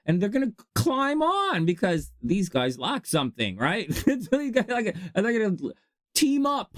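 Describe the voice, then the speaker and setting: A channel host talking casually to viewers, animated and laughing often, jumping between low asides and high exclamations. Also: a little slow, dry recording, studio quality. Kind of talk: casual advice monologue to camera.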